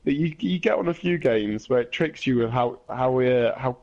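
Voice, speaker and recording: A man's voice: mid-range voice, lively intonation, moderate pace, vocal fry, a little mellow, lo-fi sound. A man co-hosting a podcast in casual chat, joking and punning as he goes. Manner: jokey, cracks puns. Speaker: podcast co-host.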